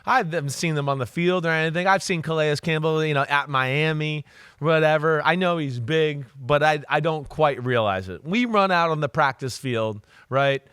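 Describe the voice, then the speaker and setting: A man co-hosting a casual sports talk show, telling stories in an animated way with loud exclamations. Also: on the high side, normal speed, clean tone, no echo, clean studio sound. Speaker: co-host, former NFL quarterback.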